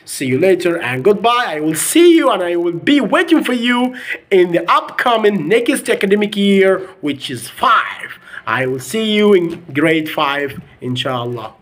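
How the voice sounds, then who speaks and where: A man whose first language is Arabic, teaching English pronunciation to children. He drills each word by repeating it several times. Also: sits high. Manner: drills words by repeating them over and over.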